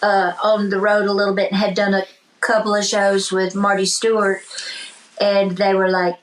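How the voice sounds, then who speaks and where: A woman's voice: mid-range voice, completely flat delivery, moderate pace, poor audio. A woman country singer-songwriter, a guest in a casual interview, tells stories with animation and acts out the voices of people in them. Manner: speaks of faith and blessings.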